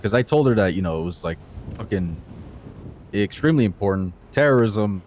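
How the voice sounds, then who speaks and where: A man's voice: lowish voice, lively intonation, brisk, a little mellow, slight background noise. A man in a roleplay who tells his side of events in a rambling, casual way and swears a lot. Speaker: accused client in roleplay. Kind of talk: in-character roleplay storytelling.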